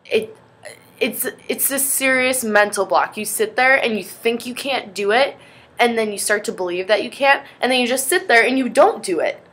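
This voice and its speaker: A woman's voice: on the high side, normal speed, a bit bright, breathy edge. A young woman vlogging in a rambling, chatty way, easily sidetracked. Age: young adult. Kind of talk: casual vlog chat.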